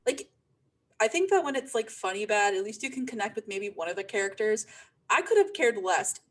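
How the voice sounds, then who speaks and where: Young woman co-host, mid-pitched, chatty and emphatic. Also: expressive, fairly quick, a bit bright. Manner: chatty, filler-heavy, emphatic. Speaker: podcast co-host. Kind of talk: casual chat.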